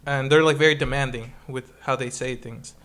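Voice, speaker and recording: A young man in casual podcast chat, halting and repeating himself as he searches for words. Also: medium pitch, steady tone, a bit bright. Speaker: podcast guest.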